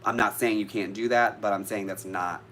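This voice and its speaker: A man's voice: fairly low pitch, steady tone, normal speed, a bit bright, slight background noise. A man vlogging casually to live viewers about witchcraft, chatty and easily sidetracked, swearing now and then.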